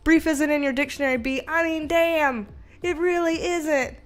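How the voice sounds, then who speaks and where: A woman with a drawl chats through a livestream in a noticeably high voice, laughing often and getting excited at every comment. Faint music plays underneath her talk. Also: normal speed. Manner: giggly, chatty, easily excited. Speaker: livestream host reading chat. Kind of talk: casual livestream chat.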